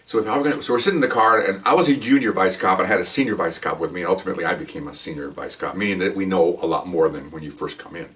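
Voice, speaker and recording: A fast-talking older man with a fairly low voice recounts his days as a police officer in a loose, rambling style. He keeps checking in with "okay?" and circles back on himself. His voice sits a little away from the microphone. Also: fairly bright tone, far from the mic. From Mexican heritage, raised in the US. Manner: rambling, chatty, with frequent "okay?" asides and restarts. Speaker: retired police officer storyteller. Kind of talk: casual first-person storytelling to camera.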